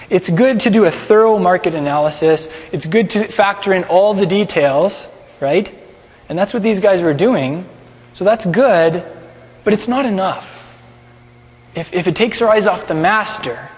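High-voiced man teaching a Bible class in a hall. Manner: lively, directs the group, explains scripture casually. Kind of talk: sermon with a class skit.

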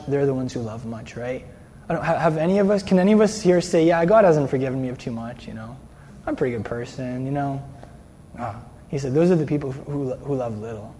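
A man's voice: on the high side, mellow, a little hiss or hum. A man preaching a sermon in a conversational way, often ending lines with "eh?" or "right?". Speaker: pastor. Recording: long hall reverb.

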